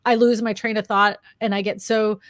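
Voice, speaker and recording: A woman co-host with a medium-pitched voice, talking in a chatty and self-deprecating way. She laughs easily as she talks. Her voice sits close and dry, with no room sound. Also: level tone, moderate pace, no room sound. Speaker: co-host, real estate agent and YouTuber. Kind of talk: casual chat.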